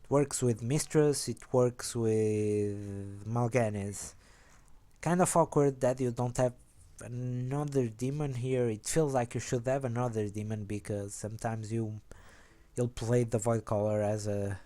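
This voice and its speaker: A man's voice: fairly even intonation, measured pace, dark tone. A young man casually rambling through an explanation of his card game deck, correcting himself as he goes. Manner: rambling, self-correcting, low-key.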